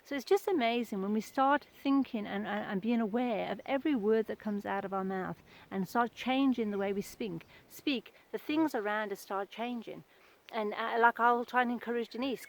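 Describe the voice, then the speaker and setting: Earnest, fairly high-voiced middle-aged woman. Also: brisk, poor audio. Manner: earnest, conversational, anecdotal. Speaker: speaker giving a short devotional talk. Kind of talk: informal devotional talk.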